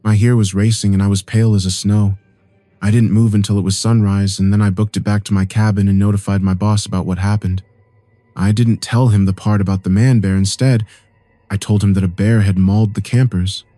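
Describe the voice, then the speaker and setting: A man narrating a first-person horror story in a calm, steady telling. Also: lowish voice, fairly quick, no echo.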